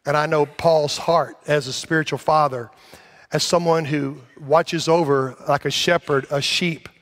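Rambling, energetic pastor with a higher voice. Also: male voice, measured pace. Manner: rambling, energetic, self-deprecating, rising to emphatic calls. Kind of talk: sermon. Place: church sanctuary.

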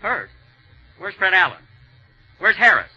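A man's voice: high-pitched, very animated, a little slow, pushed and bright, husky, highs cut off. A man in a 1930s radio comedy, pleading and exasperated in a flustered way. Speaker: comedian star of the show. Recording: 1930s radio broadcast recording.

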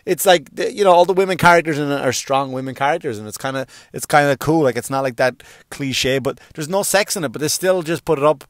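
A middle-aged man doing a stand-up monologue, swearing freely and jumping into high voices to act out characters. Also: quick pace, dry recording, clean studio sound. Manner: animated, swearing, acts out characters with sudden pitch jumps. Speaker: stand-up comedian.

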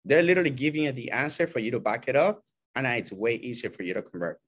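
A man's voice: medium pitch, fast. A man, a working realtor, coaching other agents in a loose, chatty way, acting out what clients and agents say and often checking in with "right?" and "you know?". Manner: animated, acts out client and agent quotes. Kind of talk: casual coaching talk to a small group.

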